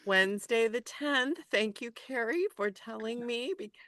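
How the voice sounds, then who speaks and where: A woman's voice: fairly high pitch, normal speed, a bit bright, dry recording. A woman hosting a casual group health chat, bubbly and chatty with frequent laughter.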